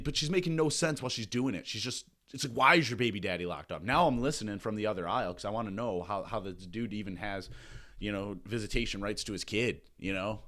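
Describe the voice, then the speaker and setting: A man's voice: fairly low pitch, fairly bright tone. A young man riffs through a satirical comedy monologue as a podcast host. His delivery is sarcastic and rambling, and he swears freely and trips over his own restarts. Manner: sarcastic, rambling, profane, with frequent laughs and restarts.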